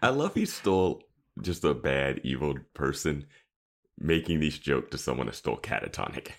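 Very deep gravelly podcast man. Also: normal speed. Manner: relaxed, lots of agreeing, chuckles. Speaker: podcast co-host. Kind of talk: casual chat recapping a TV episode.

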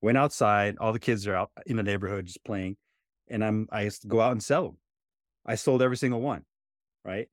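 A man's voice: lowish voice, fairly quick, dry recording, clean studio sound. A man co-hosting a podcast, telling a childhood story in a reflective, casual way, full of "right?" and "you know". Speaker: podcast co-host.

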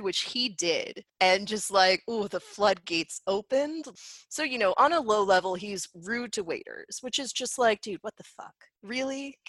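A woman's voice: mid-range voice, a bit bright, no echo. A woman ranting in a casual commentary, swearing freely, laughing often and mocking quotes in put-on voices. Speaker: commentary host.

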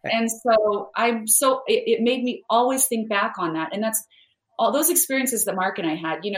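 A woman's voice: on the high side, moderate pace. A woman, a guest author, talking earnestly in an interview with frequent fillers. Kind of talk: conversational interview talk. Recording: roomy echo.

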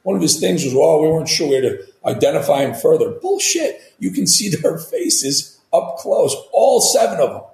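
A man's voice: a little high, animated, brisk, vocal fry, hardly any pauses, darkish tone. A man co-hosting a casual political chat, indignant and repeating words as he builds a point. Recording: echoey room.

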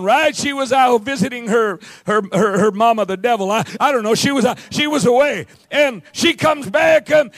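High-voiced male pastor shouting a sermon. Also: dry recording. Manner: preaching with shouted calls and amens.

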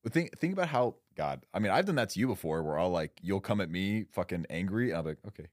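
A man's voice: deep voice, very animated, quick pace, dry recording, clean studio sound. A young man co-hosting a podcast, talking in casual chat with a blunt, emphatic manner and frequent swearing. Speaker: podcast co-host.

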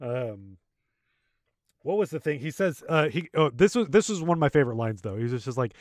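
A man co-hosting a podcast, recapping a video game scene by scene in a relaxed, rambling way. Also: mid-range voice, brisk, no room sound, clean studio sound. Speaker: podcast co-host. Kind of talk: casual game discussion.

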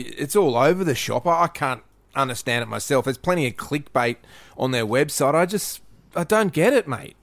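Fired-up Australian man ranting. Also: on the high side. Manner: indignant, rapid-fire complaints. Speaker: co-host. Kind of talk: fired-up podcast rant.

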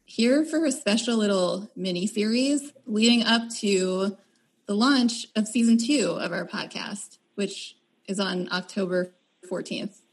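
A woman's voice: medium pitch, unhurried. A woman hosting a podcast in a casual, chatty way with lots of fillers. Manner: chatty, filler-heavy, upbeat. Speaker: podcast host.

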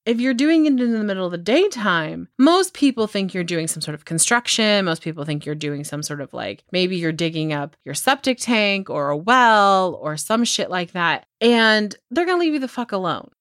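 A woman's voice: mid-range voice, moderate pace, few pauses, dry recording, clean studio sound. A woman co-hosting a podcast, chatting casually about a true-crime case, swearing freely and acting out mocking quotes. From grew up on a farm. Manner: swearing, animated retelling with mocking quoted voices. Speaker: podcast co-host.

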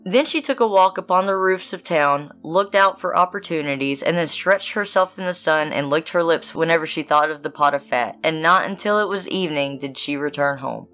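Woman, podcast co-host, lower voice, laughing wry storyteller. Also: brisk, hardly any pauses, fairly bright tone, soft background music. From Southern United States. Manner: wry, laughing, blunt asides. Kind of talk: reading fairy tales with joking asides.

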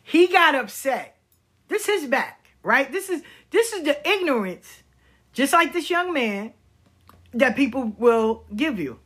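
A woman's voice: high-pitched, very animated, unhurried, a bit bright. A middle-aged woman talking bluntly in a personal commentary vlog, swearing and repeating words for emphasis. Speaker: vlogger. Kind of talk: candid personal commentary monologue.

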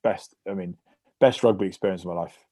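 Man with a low, dry voice. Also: quick pace, dry recording. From England. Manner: lively anecdotal storytelling. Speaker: guest, former rugby player. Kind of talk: casual podcast interview.

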